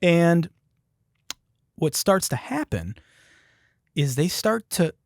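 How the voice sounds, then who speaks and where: Lively, profane storyteller man from Detroit. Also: on the high side, slow pace, creaky, no echo, studio quality. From Detroit, United States. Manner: profane, animated, emphatic. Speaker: podcast host. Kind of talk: comedic storytelling.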